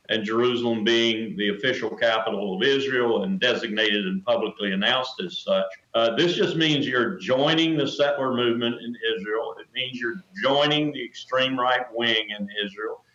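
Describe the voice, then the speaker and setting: Older male guest, emphatic and measured, repeating phrases for stress; muffled, echoey remote feed. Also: medium pitch, fairly bright tone. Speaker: interview guest, retired colonel. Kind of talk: remote news interview.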